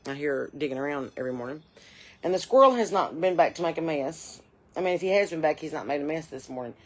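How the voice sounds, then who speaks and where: Talking fast with lively intonation, a low-pitched woman in her forties riffs in character as a nosy, folksy Southern mom rambling on her porch. The comedy host improvises the monologue outdoors, drawl and all.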